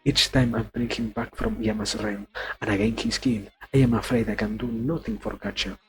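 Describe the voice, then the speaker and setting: A man reading the lines of a stern, weary old sage speaking to his daughter, a little quieter and lower than his normal voice. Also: steady tone, a little fast, slight background noise, natural voice, rough recording.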